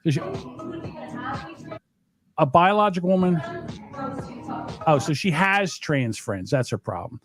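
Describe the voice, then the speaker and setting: A man's voice: on the high side, very animated, unhurried, long pauses, music in the background. A man hosting a podcast, ranting and mocking with profanity in casual banter. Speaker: podcast host.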